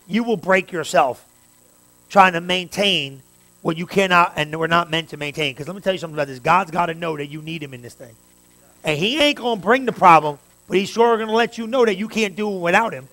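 A man pastor preaching a sermon, talking straight to his congregation and building to fervent, loud stretches. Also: high-pitched, vocal fry. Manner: preaching with rising fervor, direct address to the congregation.

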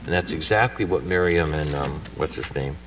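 A man's voice: very deep voice, normal speed, fairly bright tone, slight background noise. A male priest giving a homily at Mass in a church, telling the story conversationally and acting out the characters' lines with energy. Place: church shrine. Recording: voice from far off the mic.

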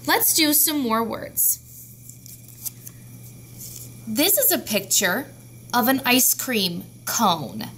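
Slow, patient woman teaching phonics. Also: a little high, sharp tone, slight background noise. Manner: slow, patient, sounding out words. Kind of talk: classroom phonics lesson.

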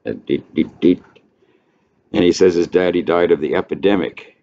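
Deep low-voiced man, informal literature lecture, rambling with pauses and fillers, muffled lo-fi recording. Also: mellow. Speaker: literature presenter. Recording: dull lo-fi recording, faint hiss.

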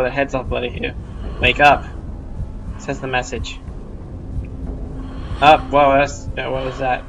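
A man giving casual, rambling, self-mocking let's-play commentary at home, with sudden loud outbursts. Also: medium pitch, highs cut off, slight background noise. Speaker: gamer. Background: game music.

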